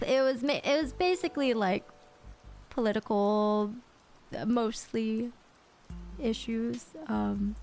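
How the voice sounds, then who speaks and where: A woman streamer telling a story in a casual, animated, dramatic way, swearing a lot. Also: a little high.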